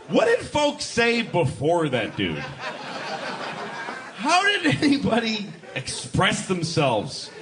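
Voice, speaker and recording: A middle-aged man doing live stand-up comedy, telling stories in an animated, profane and exasperated way. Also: sits high.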